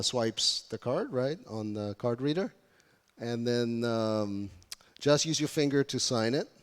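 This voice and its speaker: A man giving a UX workshop talk to a live audience, engaging them with questions. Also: mid-range voice. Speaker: UX workshop speaker. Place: conference room. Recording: reverberant conference hall.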